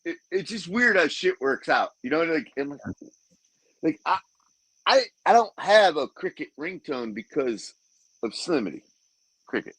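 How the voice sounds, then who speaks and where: A man's voice: fairly high pitch, big pitch swings, unhurried, pauses often, fairly bright tone, husky, dry recording, rough recording. A man co-hosting a casual chat, laid-back, chiming in with short replies. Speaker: podcast co-host.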